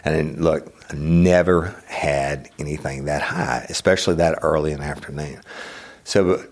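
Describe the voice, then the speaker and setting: A middle-aged man with an extremely low voice tells a personal story on his podcast. He talks bluntly and swears freely, and he gets animated as the story builds. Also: moderate pace. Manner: blunt, profane, animated retelling. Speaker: podcast host. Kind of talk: casual storytelling monologue.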